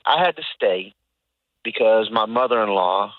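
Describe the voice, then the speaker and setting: A man calls in to an advice show, his voice a little low. He speaks haltingly and restarts his sentences often. The call comes through a tinny phone line and sounds dry. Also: lively intonation, dry recording. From southern Louisiana. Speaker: caller.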